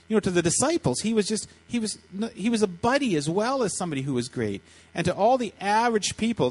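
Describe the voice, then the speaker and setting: A man preaching to children, retelling a story in an animated way and often repeating his words as he acts out quotes. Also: on the high side, breathy edge. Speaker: pastor speaking to children.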